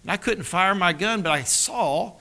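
A man preaching a sermon, telling his own story and acting out the dialogue, dropping to a hush at tense moments. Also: high voice, normal speed. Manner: storytelling, acts out dialogue with dramatic drops to a hush. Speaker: pastor. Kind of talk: sermon with personal testimony.

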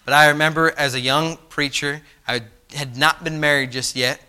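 A middle-aged man preaching a sermon, telling a personal story with animated swings from soft to loud, passionate outbursts. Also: fairly high pitch, moderate pace, smooth. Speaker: pastor.

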